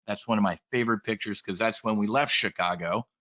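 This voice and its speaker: A man giving an energetic, joking trading presentation and addressing the room directly. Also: fairly low pitch, brisk. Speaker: trading educator. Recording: dull lo-fi sound.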